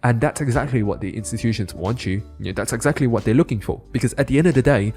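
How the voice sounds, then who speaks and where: A man giving a casual crypto chart analysis, often checking in with the listener with quick tag questions. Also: mid-range voice, a little mellow, faint music behind. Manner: casual, keeps adding "right?" tag questions. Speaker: crypto trading YouTuber.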